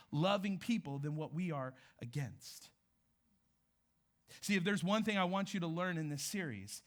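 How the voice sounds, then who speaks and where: A young adult man preaching a sermon in a church, retelling scripture as casual, conversational dialogue. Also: fairly high pitch. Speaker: pastor.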